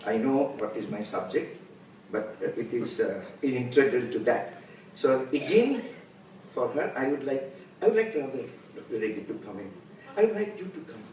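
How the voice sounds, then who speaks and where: A man of about seventy with an Indian English accent, giving an unhurried conference lecture and pausing often to gather his thoughts. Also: medium pitch, animated, warm tone. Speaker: conference speaker. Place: large conference hall. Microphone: distant room mic. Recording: very echoey hall, voice far from mic, faint noise.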